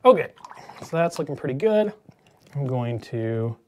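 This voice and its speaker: A man's voice: mid-range voice, sing-song, a little slow, pauses often. A man in his thirties hosting a casual painting demo, joking and rambling into movie tangents as he works.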